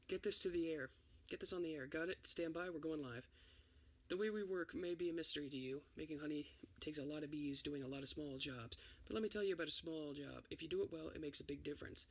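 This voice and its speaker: A man reading an entire film script aloud for ASMR, doing every part in one steady voice. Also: on the high side, quick pace, creaky, hardly any pauses. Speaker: ASMR reader.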